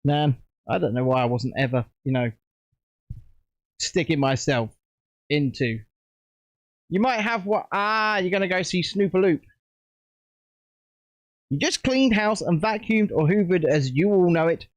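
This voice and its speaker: A man hosting a live stream, chatting in a rambling, animated way as he builds a set. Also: a little high, measured pace, pauses often, no echo. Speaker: streamer host. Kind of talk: casual live-stream chat while building.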